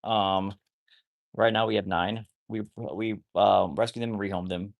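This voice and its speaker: A man's voice: fairly low pitch, steady tone, unhurried, creaky. A man rambling casually to viewers on a live stream about rescuing wolfdogs, often cooing at his dogs.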